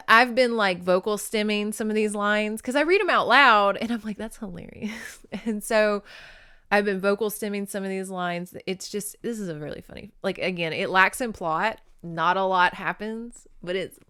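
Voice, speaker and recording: A woman's voice: mid-range voice, normal speed, bright, forceful tone, smooth. A woman hosting a casual book-review podcast, chatty and laughing often. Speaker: podcast host reviewing a novel. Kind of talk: casual chat.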